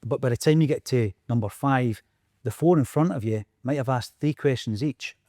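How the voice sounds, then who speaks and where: A man's voice: mid-range voice, normal speed, mellow, no room sound, studio quality. A Scottish man, a podcast co-host, prompting his partner in casual chat with supportive questions. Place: podcast studio.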